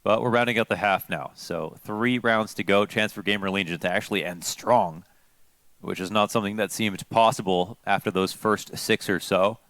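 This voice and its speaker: A man giving relaxed, explanatory color commentary on a competitive shooter match. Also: lowish voice, normal speed, no room sound. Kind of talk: esports analysis commentary.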